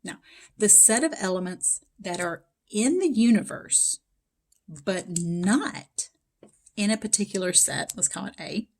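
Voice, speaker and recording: Female math instructor, slightly hoarse, easygoing explanatory lecture delivery with fillers. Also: medium pitch, a little mellow. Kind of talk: recorded lecture.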